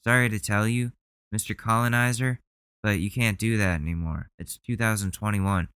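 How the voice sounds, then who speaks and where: A man's voice: fairly low pitch, steady tone, normal speed, a bit bright, clean tone, no room sound. A man hosting a podcast, reacting to videos bluntly and indignantly, swearing often. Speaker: podcast host.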